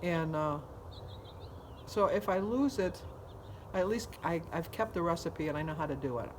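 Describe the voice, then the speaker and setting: A woman's voice: on the low side, expressive, moderate pace, slight background noise. A woman vlogger talking casually to her viewers in a rambling, chatty way. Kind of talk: casual vlog chat.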